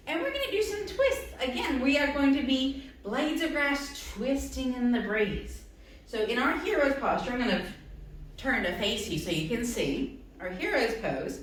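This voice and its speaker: A high-pitched woman leads a playful, encouraging kids' yoga class. Her voice rings through a very echoey room. She stands a little away from the mic. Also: distant mic. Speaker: yoga instructor.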